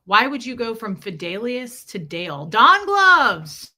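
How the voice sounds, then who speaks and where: A woman's voice: fairly high pitch, big pitch swings, measured pace, pushed and bright. A woman chatting casually on a livestream, rambling from story to story and greeting viewers by name.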